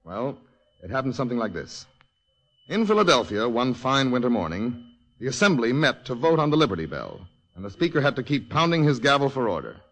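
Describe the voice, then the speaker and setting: An actor playing a patient, history-loving male soldier in a 1940s radio drama, telling history in an animated way. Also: medium pitch, fairly quick. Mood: storytelling. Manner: tells history in an animated storytelling way.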